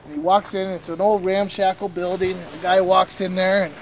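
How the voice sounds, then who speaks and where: A man at a campout telling a joke in a measured, deliberate way. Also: sits high, flat delivery, a little hiss or hum, rough recording. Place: outdoors at a campsite.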